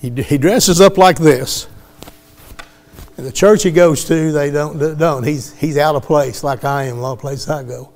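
Folksy preacher telling a testimony. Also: male voice, a little high, normal speed, darkish tone. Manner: folksy storytelling, acting out quoted voices. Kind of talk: sermon testimony.

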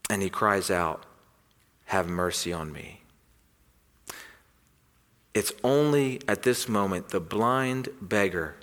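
A man preaching an earnest sermon, swinging between loud emphatic lines and hushed ones. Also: on the low side, in a large hall. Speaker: pastor.

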